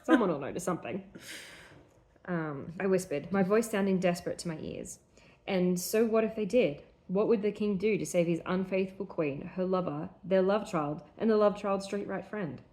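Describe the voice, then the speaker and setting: A woman's voice: lowish voice, moderate pace, a little mellow. A woman co-hosting a podcast, reading her old story aloud and stopping to make fun of its sentences. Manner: reads her own prose aloud, breaking off to mock it. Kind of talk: reading aloud with casual commentary.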